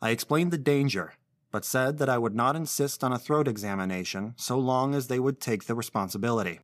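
A man narrating a literary short story in first person, with a measured, intense reading. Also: medium pitch, dry recording, clean studio sound.

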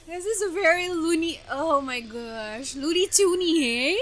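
A young woman reacting to an anime episode, gasping, laughing and exclaiming in bursts of excitement. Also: very high-pitched, unhurried, hardly any pauses.

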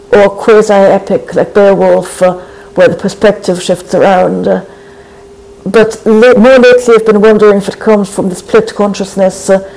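A speaker in their forties from Trinidad, answers interview questions slowly and thoughtfully. The voice stays flat and even. Its tone is soft and dark, with frequent thinking pauses. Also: medium pitch, gravelly, low-quality recording. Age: 40s. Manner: thoughtful and measured, frequent hesitations. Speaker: guest poet. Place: college.

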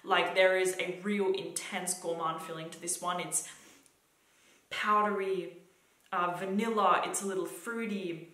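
A woman's voice: lowish voice, fairly even intonation, a little slow, bright, forceful tone. Gushing young Australian woman, echoey room. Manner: gushing, many "like" fillers and repeated words. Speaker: fragrance reviewer. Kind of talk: enthusiastic product review vlog.

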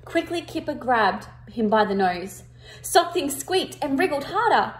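A woman reads a children's picture book aloud, with a high, sing-song voice that swoops widely. She takes her time and stops to ask the children questions, stressing words with expression. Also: unhurried, a little hiss or hum. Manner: interactive, asks the listeners questions; expressive, emphatic. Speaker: storyteller reading to children.

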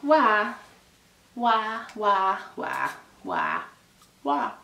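Woman vlogger, gushing chatty storyteller, mid pitch, echoey room. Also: wildly swooping pitch, drawn-out words, pushed and bright. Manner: chatty and gushing, with sighs and laughs. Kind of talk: casual storytime.

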